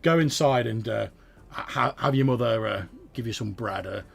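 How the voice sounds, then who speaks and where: A man voicing a wary farmer with a musket, speaking higher and louder, stammering and gravelly. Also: normal speed, soft background music. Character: wary middle-aged male farmer with musket.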